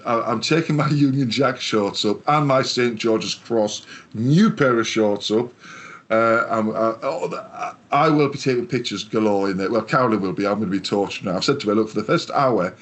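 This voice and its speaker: A man from England co-hosting a podcast, telling long sweary stories in casual chat. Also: fairly low pitch. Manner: sweary, rambling storyteller. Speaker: podcast co-host.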